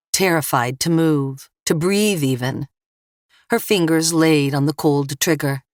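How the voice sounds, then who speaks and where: A woman reads a thriller audiobook in a measured, steady voice. Her voice sits very low for a woman, and the studio sound is dry and close. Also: no echo. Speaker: audiobook narrator. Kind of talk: scripted narration.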